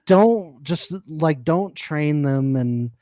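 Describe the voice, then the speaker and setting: A man's voice: a little high, animated, drawn-out words, mellow, no echo. A young man co-hosting a podcast, chatting casually with playful, dry teasing. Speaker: podcast co-host. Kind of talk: casual recap chat.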